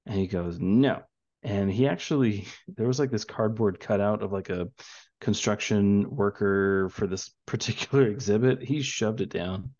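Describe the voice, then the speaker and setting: A young father chats in a low voice, wandering through his story with plenty of fillers. The sound is dry and a bit muffled. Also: moderate pace, darkish tone, dry recording. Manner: rambling storyteller with many fillers. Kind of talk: casual chat.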